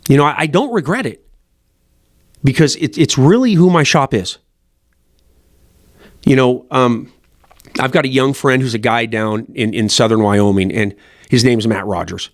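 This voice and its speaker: A man's voice: medium pitch, moderate pace, long pauses, dry recording, studio quality. Blunt, profane middle-aged man. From Montana, USA. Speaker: fly shop owner. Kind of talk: casual rambling monologue.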